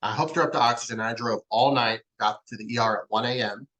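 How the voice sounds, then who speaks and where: On a rough recording, a man in his forties who founded a charity tells a heartfelt personal story as an interview guest, performing the words of others as he quotes them. He talks fast in a steady, medium-pitched voice with a fairly bright tone.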